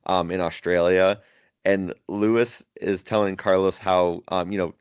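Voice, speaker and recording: A man with a very low, deep voice co-hosts a casual podcast. He chuckles often as he recounts funny moments and rambles loosely through his thoughts. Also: little pitch movement, measured pace, clean tone, dull audio. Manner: laughs often while retelling funny moments; rambling, many fillers and restarts. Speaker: podcast co-host. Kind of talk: casual chat.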